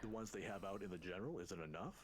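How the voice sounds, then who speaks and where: An actor playing an inquisitive older male scholar in a game, gentle, teasing and formal. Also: deep voice, lively intonation, fast talker, slight background noise.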